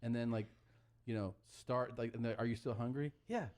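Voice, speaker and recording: A man's voice: medium pitch, fairly even intonation, moderate pace, darkish tone. A man telling a comic anecdote in casual chat, acting out what others said.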